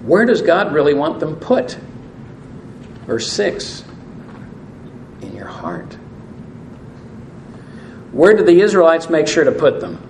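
Gravelly man preaching in an echoey room. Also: a little high, sing-song, takes it slowly, pauses often, darkish tone. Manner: asks the audience questions, reads scripture aloud. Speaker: pastor. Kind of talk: sermon. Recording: echoey room with faint noise.

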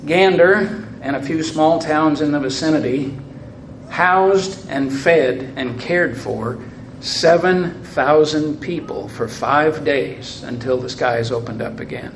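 An older man with a slightly raised pitch tells stories to a congregation and reads aloud in a measured, unhurried way, letting his phrases fade softly at the end. The room gives his voice a roomy ring, with a faint hiss underneath. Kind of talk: storytelling talk with reading aloud.

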